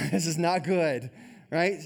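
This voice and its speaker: A male pastor preaching a sermon in a conversational, animated way, often saying "like.". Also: a little high, slow pace, creaky.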